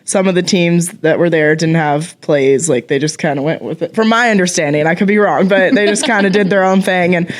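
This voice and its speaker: A woman's voice: lowish voice, a little fast, few pauses. A young woman college athlete speaking as an interview guest, easygoing and storytelling, with "you know" fillers. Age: young adult. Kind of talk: casual interview chat.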